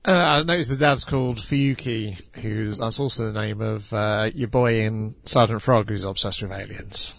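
Male podcast co-host, mid-pitch, hesitant wry delivery, dry recording. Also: normal speed, vocal fry, few pauses, a bit bright, dry recording. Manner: hesitant, filler-heavy, wry. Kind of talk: casual chat reviewing anime.

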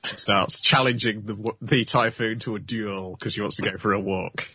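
A man's voice: fairly low pitch, fairly even intonation, normal speed, pushed and bright, husky, dry recording. A man hosting a casual podcast, recapping an anime episode with frequent laughs. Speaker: podcast host.

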